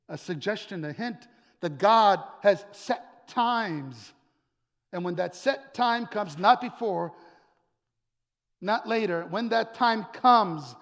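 A male pastor preaching a sermon, dramatic, with emphatic repetition and drawn-out pauses. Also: high voice, fairly bright tone. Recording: long hall reverb.

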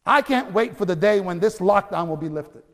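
A man preaching a sermon, telling a story with animated delivery that swells to loud cries and stumbles into restarts. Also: high-pitched, normal speed. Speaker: pastor. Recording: long hall reverb.

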